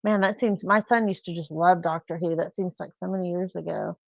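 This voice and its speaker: Chatty woman with a gravelly voice. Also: fairly low pitch, fairly even intonation, a little fast, darkish tone, no room sound. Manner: chatty, rambling storyteller. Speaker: live stream host. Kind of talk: casual live chat. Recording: dull lo-fi sound.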